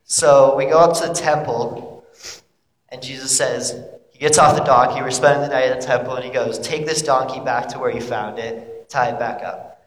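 A man's voice: mid-range voice, steady tone, moderate pace, close to an everyday voice. A young man playing an earnest, bewildered male disciple, telling his story in a rambling, casual way full of "like". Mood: earnest, confused. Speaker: actor playing a biblical disciple. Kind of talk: monologue, casual modern retelling. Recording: echoey hall with long reverb.

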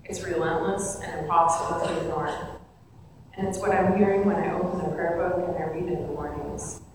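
A middle-aged woman giving a sermon, telling a personal story in a reflective way with soft, repeated phrases. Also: fairly low pitch, fairly even intonation, brisk. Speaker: preacher. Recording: echoey hall, distant mic, background noise.

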